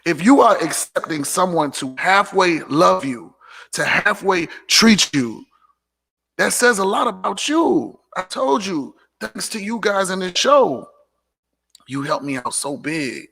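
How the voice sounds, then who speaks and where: Gravelly, emphatic man preaching self-respect. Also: high-pitched, expressive, takes it slowly, pushed and bright. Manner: preachy and emphatic, repeats lines for punch, sassy asides. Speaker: host of a live motivational talk show. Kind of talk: live motivational monologue.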